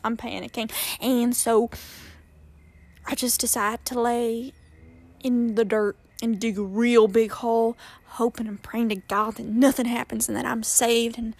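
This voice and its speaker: A woman guest telling a story casually and dramatically, repeating phrases for effect. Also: fairly high pitch.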